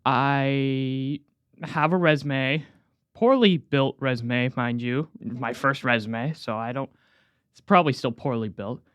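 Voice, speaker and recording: A teenage boy telling a casual personal story, acting out the dialogue with quick voice changes. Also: mid-range voice, clear, resonant tone, no echo. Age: teens. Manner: animated, acts out dialogue with quick voice shifts. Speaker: student storyteller.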